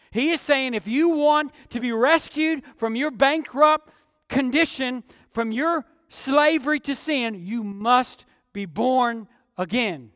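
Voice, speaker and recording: Speaking slowly, a male preacher with a remarkably high voice presses hard on important words and now and then slips into softer asides. Though miked close and dry, his sermon carries a long tail of sanctuary reverb.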